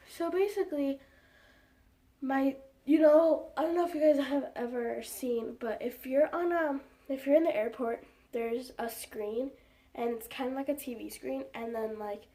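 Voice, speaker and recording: A young woman with a somewhat high voice tells a casual storytime to her followers, rambling with plenty of "like" and fillers. She sits a little back from the mic, so her voice sounds slightly distant. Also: darkish tone. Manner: rambling, heavy use of "like" and fillers. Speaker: vlogger.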